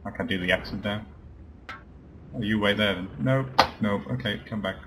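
A man's voice: lowish voice, moderate pace, heavy background noise. A man giving casual, joking commentary while playing a video game, chatting to his party members and swearing now and then. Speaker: let's play commentator.

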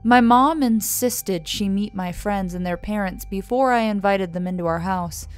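A woman narrating a first-person horror story in a measured, scripted delivery, letting her voice fall softly on the tags. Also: medium pitch. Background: soft music.

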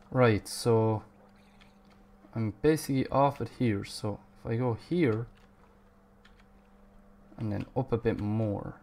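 A man streaming a video game live, chatty and self-mocking, and swearing at the game now and then. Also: mid-range voice. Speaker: gaming streamer. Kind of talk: live gameplay commentary.

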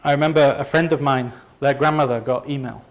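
A man with a Leeds accent talks an audience through his slides in an easygoing, chatty way. He often restarts his sentences and pokes fun at himself. His pitch sits in an ordinary middle range for a man. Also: fairly even intonation, a little fast. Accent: Northern English, Leeds. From north of England. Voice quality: conversational, self-deprecating, frequent restarts. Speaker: company presenter. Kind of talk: conference presentation to a live audience.

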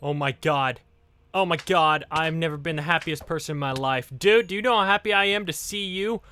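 A man giving casual Let's Play commentary to his viewers, excitable, exclaiming and laughing often. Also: on the high side, fairly quick, slight background noise. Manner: talks directly to viewers. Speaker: gaming YouTuber.

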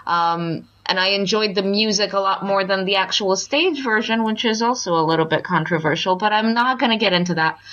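A woman's voice: medium pitch, fairly quick, few pauses, a bit bright. Woman podcast co-host, chatty and opinionated, laughs easily, dull lo-fi sound. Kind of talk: casual chat.

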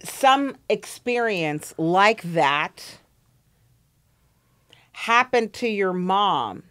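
A woman's voice: mid-range voice, expressive, drawn-out words, a bit bright, smooth, no echo. A woman hosting a casual podcast chat, telling stories in an emphatic, playful way. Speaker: podcast host.

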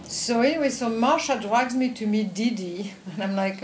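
An older woman with a French accent, a film editor telling lively anecdotes in a conversational interview, with frequent laughs. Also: fairly high pitch, normal speed, reverberant, slight background noise, rough recording. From France. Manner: animated anecdotes with frequent laughs and "you know". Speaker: film editor and director, guest.

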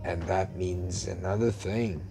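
Old street beggar, gruff, terse, slow dark drawl, voiced by a man, storybook reading. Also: sits low, fairly even intonation, soft background music. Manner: slow, grudging, clipped.

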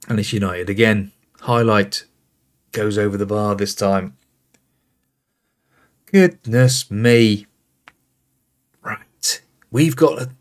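A man narrates his football management game in an unhurried, drawn-out way. He calls out player names as the play develops and reacts with weary exasperation. His voice sits at an ordinary middle pitch. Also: a little mellow. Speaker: gaming host. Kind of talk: casual game commentary.

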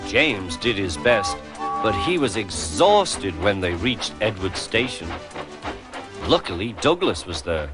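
A man narrating a children's railway story in a measured, expressive way. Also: fairly low pitch, music in the background.

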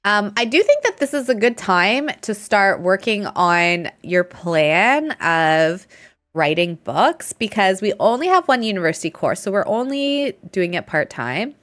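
While streaming a life-sim game, a chatty woman narrates what's on screen with little laughs, talking to her characters in a friendly, relaxed way as though they could hear. Her voice is medium in pitch and slightly bright.

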